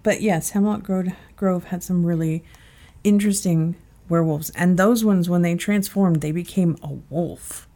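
A young woman chatting casually as a podcast co-host. Her voice sits a little low and has a gravelly fry. She is chatty and trails off while hunting for names. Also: steady tone, moderate pace, warm tone. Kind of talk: casual chat.

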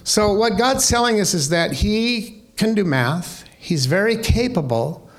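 A man's voice: high voice, animated, a little slow. Male pastor asking rhetorical questions. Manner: conversational, rhetorical questions, wry. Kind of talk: sermon.

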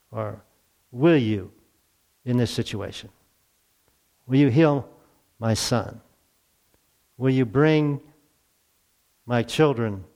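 Speaking at a medium pitch, this middle-aged man delivers a sermon to his congregation as their pastor. He's earnest and conversational, asking rhetorical questions and shifting from quiet asides to forceful, raised lines.

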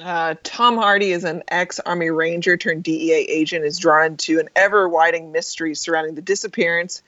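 Guy co-hosting a movie podcast, high voice, lots of quick yeahs, muffled mic. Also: fairly even intonation, bright, forceful tone, no room sound. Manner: short quick agreements and laughs. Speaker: podcast co-host. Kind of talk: casual movie podcast chat. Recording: dull, lo-fi mic.

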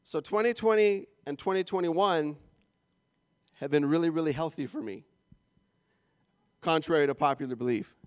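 A man from Canada preaching a sermon as pastor, animated and jokey with playful asides. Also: on the high side, no room sound.

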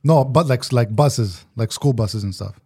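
A young man in casual podcast banter, teasing his friend and laughing easily. His voice sits at an ordinary middle pitch, relaxed and conversational. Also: unhurried, breathy edge. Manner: joking, laughs often, says bro. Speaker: podcast co-host. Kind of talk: casual chat.

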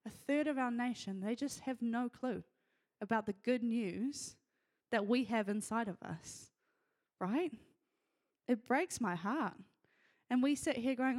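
A woman's voice: on the high side, unhurried, a little mellow. A woman giving an earnest, emotional sermon to a church, often laughing as she speaks.

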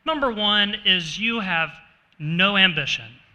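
A man's voice: high voice, takes it slowly, bright, forceful tone. A man preaching a sermon in a conversational way, asking his congregation questions. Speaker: pastor. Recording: reverberant hall.

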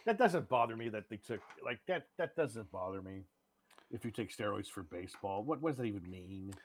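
A man's voice: fairly low pitch, fairly quick, slight background noise. A man co-hosting a movie podcast, chatting casually and joking around with silly put-on accents. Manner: jokey, animated, slips into silly put-on accents. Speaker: podcast co-host. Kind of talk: casual banter about movies.

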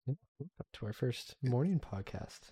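A man's voice: mid-range voice, lively intonation, moderate pace, warm tone, breathy edge. A young man co-hosting a podcast, chatting casually and laughing often. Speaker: podcast co-host. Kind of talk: casual chat.

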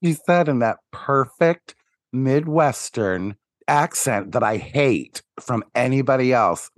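A man's voice: medium pitch, lively intonation, slow, no echo, studio quality. A man co-hosting a casual podcast, wryly mocking accents and swearing now and then. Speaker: podcast co-host. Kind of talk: casual chat recapping a sitcom episode.

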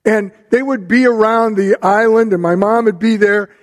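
A middle-aged man preaches in an unhurried storytelling way, leaning on pauses between phrases. His voice sits high for a man. A long hall reverb hangs behind every phrase. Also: steady tone. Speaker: pastor. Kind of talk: sermon.

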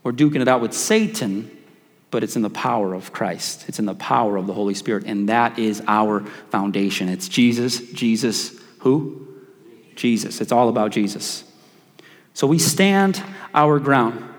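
A man, a pastor, preaching a sermon in an animated, joking way and calling on the congregation to respond. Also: medium pitch, moderate pace, in a large hall.

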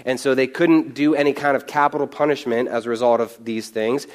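A man preaching a conversational sermon on a Bible passage, animated and casual, with quick asides and chuckles. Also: mid-range voice.

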